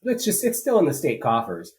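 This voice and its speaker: A man's voice: on the high side, wildly swooping pitch, fairly quick, a little mellow, rough recording. A man co-hosting a political podcast, talking casually and rambling with many fillers and restarts. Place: rural home.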